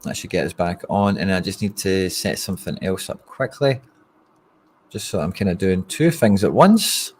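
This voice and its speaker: A man's voice: deep voice, expressive, moderate pace, slight background noise. A Scottish man giving casual, frustrated live commentary on a football match to his stream viewers, talking bluntly and straight to the audience. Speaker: fan streamer hosting a watch-along.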